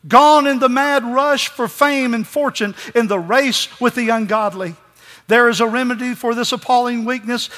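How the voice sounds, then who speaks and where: A man preaching a sermon with passion, repeating phrases for emphasis and swinging between loud calls and soft words. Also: extremely high pitch. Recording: long reverb of a large hall.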